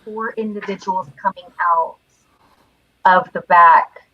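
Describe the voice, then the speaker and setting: A woman's voice: mid-range voice, slow, crowd noise. A woman guest chats over a video call and tells a long neighborhood story with plenty of energy. She acts out what people said as she goes. Her voice sits in the middle of her range, and the call audio sounds dull and lo-fi. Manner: lively storyteller, acts out quotes. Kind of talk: casual chat.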